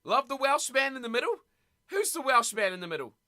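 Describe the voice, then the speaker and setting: A streamer giving casual live commentary at a rugby watch party, chatting with viewers and shouting with excitement at big plays. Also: high-pitched, brisk. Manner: chatty, talks straight to viewers in chat.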